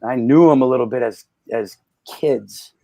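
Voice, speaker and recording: A man's voice: normal speed, no echo. A man as a podcast guest, telling anecdotes in casual chat and acting out the people he quotes. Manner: animated, acts out quotes with loud jumps in pitch. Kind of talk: casual storytelling.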